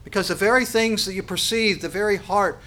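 A man preaching a sermon, emphatic and full of rhetorical questions, swinging from quiet to loud. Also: high-pitched, brisk. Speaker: pastor.

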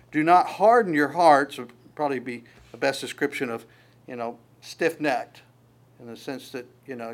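Halting, conversational male preacher. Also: a little high. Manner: halting, repeats words, frequent restarts; conversational, folksy storytelling. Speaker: pastor. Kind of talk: Bible teaching sermon.

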